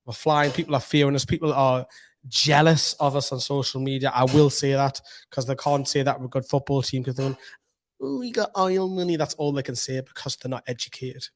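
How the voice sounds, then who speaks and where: A Geordie man with a mid-pitched voice that is slightly hoarse from shouting. He talks to camera from a room at home as the host of a football fan channel. He is upbeat and rambling, and keeps it casual. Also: little pitch movement, a little fast.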